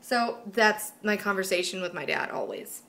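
A woman's voice: medium pitch, moderate pace, fairly bright tone. Rambling, giggly young woman vlogger. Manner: chatty, rambling, giggly, swears freely. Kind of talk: casual vlog chat. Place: at home by a white wall.

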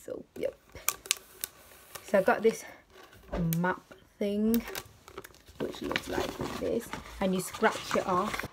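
Young woman, casual rambling vlog chat on a handheld phone, noisy street sound. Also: mid-range voice. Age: young adult. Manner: chatty, rambling, says "literally" a lot. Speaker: student vlogger. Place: bus stops, street and home. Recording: noisy outdoor phone audio.

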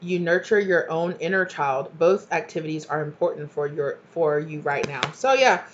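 In a noisy recording with the highs cut off, a tarot reader rambles through a casual collective reading, leaning on fillers and "you know" while staying earnest and encouraging. The voice is mid-range at a moderate pace.

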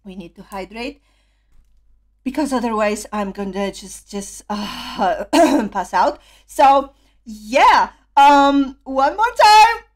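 A woman's voice: fairly high pitch, animated, slow pace. A woman hosting a fan reaction video, gushing and laughing while saying she is losing her voice. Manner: gushing, squealing, laughing often. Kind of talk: excited fan reaction vlog. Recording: concert music and crowd playing loudly behind. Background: fancam concert audio with music and crowd.

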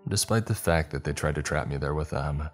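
A man reading a horror story as scripted narration, in a measured, even storytelling manner. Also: a bass voice, faint music behind.

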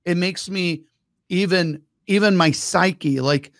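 A man co-hosting a casual business talk, telling lively stories and acting out his own quoted thoughts. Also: high-pitched, takes it slowly, no echo, studio quality. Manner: animated storyteller, acts out quoted thoughts. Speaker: podcast co-host.

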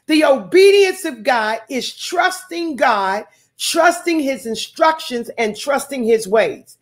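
A woman preacher delivers a sermon in a high voice. She works the congregation with call-and-response, repeating lines and dropping in hallelujahs as she goes. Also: expressive, takes it slowly.

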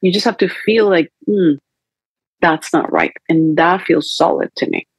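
On a podcast, a woman who works as a holistic coach reflects on feelings in conversational coaching talk, performing her inner dialogue in quoted voices. She speaks in a lowish, unhurried, creaky voice with a breathy edge. The recording is dry and the audio poor.

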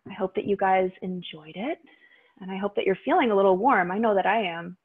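A woman teaching a guided yoga class, calmly cueing breaths and poses. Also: mid-range voice, fairly quick. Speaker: yoga instructor. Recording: tinny phone-like audio.

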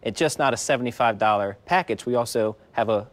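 A man who is an executive chef, a guest on a TV studio show, describing his menu in a brisk, matter-of-fact way. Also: medium pitch. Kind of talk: TV guest interview.

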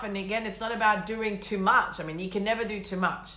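Aussie woman doing a blunt motivational pep talk, bright and a bit high, echoey room. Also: fast. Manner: blunt, energetic, swears casually. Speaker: mindset coach. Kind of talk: casual motivational monologue.

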